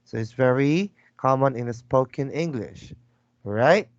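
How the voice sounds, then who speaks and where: A male English teacher speaks slowly and patiently over a video call. He keeps prompting and repeating, checking that the student understands. The audio is dry and dull. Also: medium pitch, no echo. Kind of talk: online English lesson.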